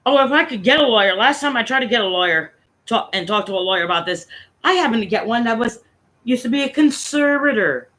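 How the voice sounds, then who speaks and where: A woman's voice: fairly high pitch, expressive, fast, fairly bright tone. A woman from Connecticut venting in a casual, rambling, profane chat on her own stream. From Connecticut, USA. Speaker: livestream host.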